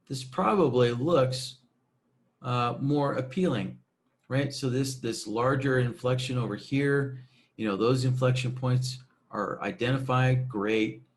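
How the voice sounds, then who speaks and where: A man explains a software tool over a screen recording at a mid-pitched, everyday register. His delivery is loose and conversational, dotted with "you know" and "um" and frequent "right?" check-ins. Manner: casual, many fillers and tag questions. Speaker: software tutorial presenter.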